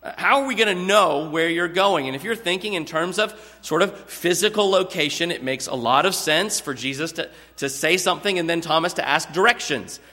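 Bright high-voiced man preaching in a hall. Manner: earnest expository preaching, drawn-out emphatic words. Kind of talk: sermon. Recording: long hall reverb.

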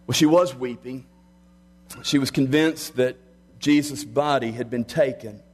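A middle-aged man preaching a sermon with earnest delivery, slowing down and dropping quiet on key lines. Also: medium pitch, slightly rough, faint music behind. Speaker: pastor.

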